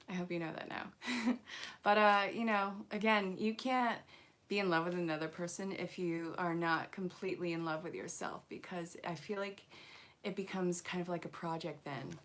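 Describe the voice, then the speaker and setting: A woman's voice: lowish voice, a bit bright, slight background noise. A middle-aged woman hosting a live angel card reading, chatting with viewers and laughing often between messages. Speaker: angel card reader and host.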